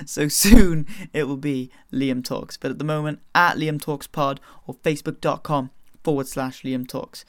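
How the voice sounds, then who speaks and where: A man's voice: on the high side, fairly even intonation, moderate pace, no echo. A man hosting his own podcast, chatting casually with self-mocking, rambling asides. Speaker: podcast host.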